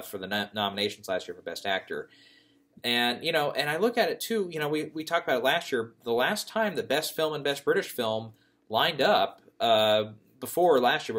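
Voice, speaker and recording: A man's voice: mid-range voice, fairly bright tone. A young man talking casually about awards predictions, rambling and often correcting himself with fillers. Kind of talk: casual thinking-aloud commentary.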